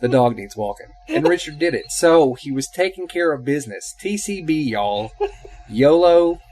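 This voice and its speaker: A man's voice: medium pitch, lively intonation, moderate pace, a little mellow. A man co-hosting a podcast in casual chat, talking with emphatic enthusiasm. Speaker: podcast co-host.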